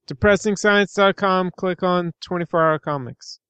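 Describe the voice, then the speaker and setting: High-voiced joking podcast host. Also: male voice, normal speed, bright, forceful tone, clear, resonant tone, no echo. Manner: jokey, rambling outro delivery. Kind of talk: casual chat.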